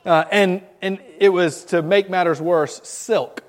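A man's voice: sits high, unhurried, long reverb tail. A man in his thirties from Florida, telling Christmas memories to a group, stumbling over and repeating his words. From Miami, Florida. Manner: stammers and repeats words, animated storytelling. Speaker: speaker sharing Christmas memories. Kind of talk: storytelling talk to a group.

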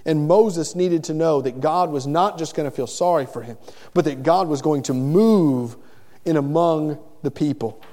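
A man's voice: on the high side, normal speed, warm tone. A middle-aged man preaching a sermon in an earnest way, often repeating the first word of a phrase before going on. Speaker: pastor. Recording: long reverb of a large hall.

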